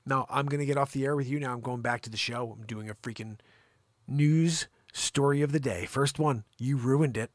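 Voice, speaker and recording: A man hosting a live improvised comedy show, teasing and scolding a caller in a loud, mock-outraged rant. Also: medium pitch, moderate pace, dry recording.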